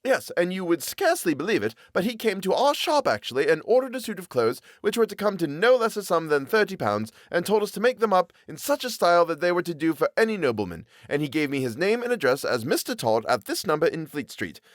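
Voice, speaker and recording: Dude playing a bragging tailor, loud-ish, swoopy, gossipy. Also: male voice, sits high, very animated, quick pace, few pauses, no echo, studio quality, pitched above the performer's own voice. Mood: blustering. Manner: blustering, gossipy. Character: boastful chatty male tailor. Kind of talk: audiobook character voice.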